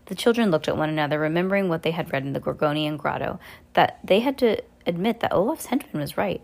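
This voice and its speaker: A woman's voice: low-pitched, animated, quick pace, vocal fry, darkish tone. A woman reading a novel aloud, often tripping over words and correcting herself. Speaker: audiobook reader. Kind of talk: amateur book reading.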